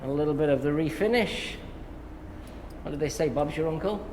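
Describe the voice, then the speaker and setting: An English man, a hairstylist, talking a viewer through a haircut in a relaxed, chatty way with joking asides. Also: on the high side, moderate pace. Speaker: hairstylist and educator. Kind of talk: live haircut tutorial commentary. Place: hair salon. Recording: echoey salon with background noise.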